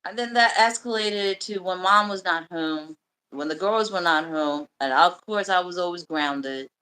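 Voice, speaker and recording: A woman hosting a livestream, bluntly and profanely telling a painful personal story in halting bursts. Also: lowish voice, sharp tone, clear, resonant tone, poor audio. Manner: emotional, halting confession. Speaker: livestream host.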